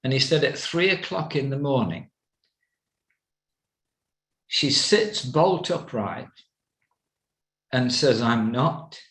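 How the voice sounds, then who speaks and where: An older man giving a personal testimony as an evangelist, slow and halting, with many fillers. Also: medium pitch, expressive, fairly bright tone. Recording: roomy echo.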